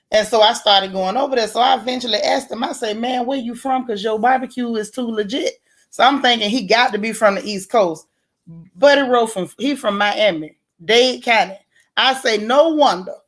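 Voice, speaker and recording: A woman from Florida, hosting a casual livestream and chatting with viewers in a blunt, animated, slangy way. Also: mid-range voice. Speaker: livestream host. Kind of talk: casual livestream chat reading viewer comments.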